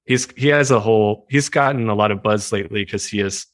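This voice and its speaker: Animated man with a lowish dry voice. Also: fairly quick, dry recording. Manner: animated, laughs often. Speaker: writer, guest. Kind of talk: casual chat.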